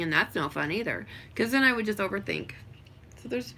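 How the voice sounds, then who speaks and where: A woman's voice: mid-range voice, big pitch swings, moderate pace, a bit bright, slight background noise. A woman chatting casually on a home livestream, rambling with lots of fillers. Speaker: vlogger.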